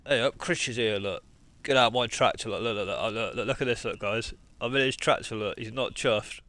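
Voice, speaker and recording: A man's voice: medium pitch, fairly quick, sharp tone. A man, chatting casually with viewers on a live game stream and greeting them as mate. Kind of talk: live-stream chat while gaming.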